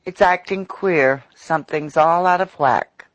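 A man's voice: on the high side, measured pace, a bit bright, no echo, pitched above the performer's own voice, low-quality recording. A man voicing a scrappy, cunning boy elevator operator who talks in short, clipped bursts, in a storybook reading. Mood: calm. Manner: terse, mock-frightened.

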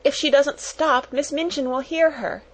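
A woman's voice: high voice, steady tone, moderate pace, pitched above the performer's own voice, lightly acted, low-quality recording. Woman doing a fretful young schoolgirl. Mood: anxious. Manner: anxious, pleading.

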